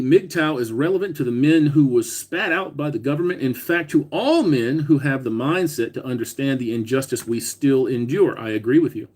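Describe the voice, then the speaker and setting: A man with a fairly high, slightly mellow voice hosts a casual livestream. He talks bluntly, swears a lot, and reads viewer comments aloud as he goes.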